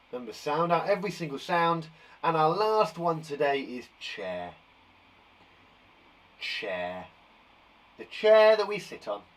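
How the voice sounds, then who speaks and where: A man teaching a live online lesson for young children from a garden shed, upbeat and warmly encouraging, chatting with a puppet. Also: on the high side, far from the mic. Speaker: primary school teacher.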